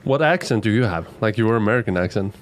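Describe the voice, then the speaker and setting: A young man with a somewhat low voice, chatting casually on a podcast. He talks bluntly, swears freely and sounds at ease. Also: lively intonation, quick pace, a little hiss or hum. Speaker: podcast co-host. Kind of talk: casual chat.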